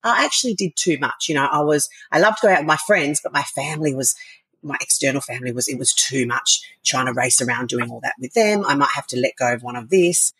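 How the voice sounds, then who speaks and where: An Australian woman talking as a podcast guest, in a flowing, reflective way with gentle fillers. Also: very deep voice, a little fast, slightly rough, no room sound, low-quality recording. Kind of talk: casual podcast chat.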